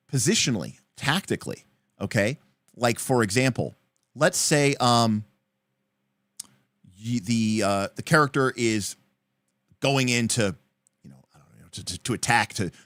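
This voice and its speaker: A man hosting a livestream, casually answering viewer questions with animated game-master advice. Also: mid-range voice, no room sound. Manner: animated, explanatory, answering chat comments.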